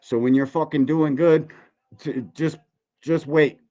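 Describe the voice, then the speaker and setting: A man's voice: fairly high pitch, fairly even intonation, measured pace, warm tone. A man hosting a boxing reaction podcast, talking casually and ranting with heavy swearing. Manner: profane, heated ranting. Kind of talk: casual live-stream commentary.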